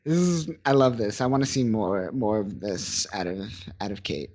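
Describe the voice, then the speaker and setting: A man's voice: on the low side, moderate pace, darkish tone. A man hosting a podcast, chatting enthusiastically about comics, with many ums and uhs. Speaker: podcast host. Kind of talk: casual comic book review chat.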